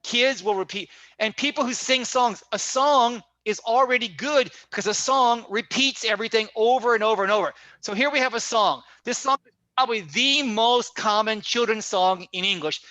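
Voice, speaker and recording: A man's voice: very high voice, moderate pace, bright, forceful tone, dry recording. A man giving an online teaching workshop over a video call, talking conversationally, repeating his points and often checking in with "right?". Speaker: teacher trainer.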